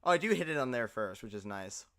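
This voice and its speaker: A young man streaming live, chatting casually and excitably, laughing often and sounding tired. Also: mid-range voice, fast, no room sound, studio quality. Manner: excitable, laughs often, uses fillers like bro. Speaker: livestreamer. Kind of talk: casual live reaction chat.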